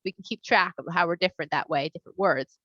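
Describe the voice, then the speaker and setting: A woman voicing the first man as wide-eyed and excitable in a kids' Bible story. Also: fairly low pitch, quick pace, no room sound, dull audio. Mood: excited.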